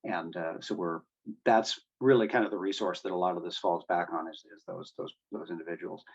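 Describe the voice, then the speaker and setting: A man's voice: deep voice, fairly even intonation, fairly quick, vocal fry, lo-fi sound. A man explaining radio communications to a boating club, with many fillers and restarts. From United States. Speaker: guest speaker on marine radio.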